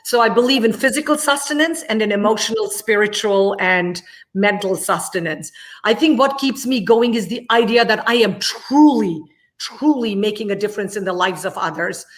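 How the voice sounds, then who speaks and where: A woman's voice: medium pitch, expressive, normal speed. Passionate woman speaking emphatically. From India. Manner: passionate, emphatic, repeats key words for stress. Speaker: guest, immigration attorney.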